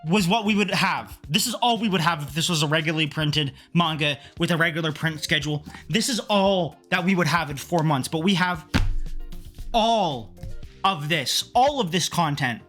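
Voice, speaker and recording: A man talking casually in a haul vlog, excitable and quick to get heated, swearing freely as he rants. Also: a little high, faint music behind. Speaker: manga collector vlogger.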